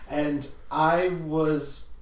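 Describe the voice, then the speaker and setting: A man's voice: on the high side, little pitch movement, extremely slow, distant mic. A young man with a slightly raised voice joins a casual podcast chat, cracking dry jokes. He sits a little away from the mic in an echoey room. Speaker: podcast co-host.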